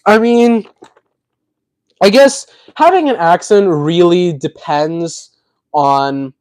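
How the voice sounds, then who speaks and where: Man, livestream host, casual chat, answering viewers, slightly high voice. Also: slow pace, a little mellow, smooth, dry recording, poor audio. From Tennessee. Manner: chatty, answers viewers' chat while building.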